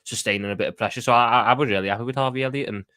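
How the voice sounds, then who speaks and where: A man with a Scouse accent, a guest pundit in a casual football debate, earnest and quick with stumbling restarts. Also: mid-range voice, sharp tone, smooth, no room sound.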